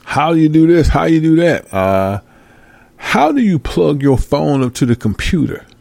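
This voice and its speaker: A man's voice: a little high, very animated, moderate pace, creaky, a little mellow, no room sound. A man hosting a talk show, ranting in an exasperated, profane way and laughing often. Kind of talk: casual ranting commentary.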